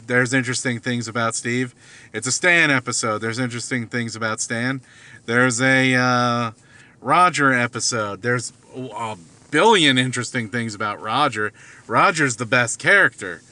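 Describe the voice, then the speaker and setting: Man, mid pitch, crisp and bright tone; musing hesitantly in a loose after-work ramble from the car. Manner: hesitant, many fillers and restarts. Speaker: vlogger. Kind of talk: rambling casual monologue. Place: car at night.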